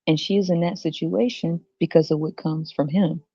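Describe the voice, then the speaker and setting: A woman's voice: low-pitched, steady tone, normal speed, warm tone, husky, no room sound. A woman hosting a podcast, ranting in a blunt, crude, mocking way and laughing often. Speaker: podcast host. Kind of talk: ranting casual monologue. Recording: dull lo-fi dry recording.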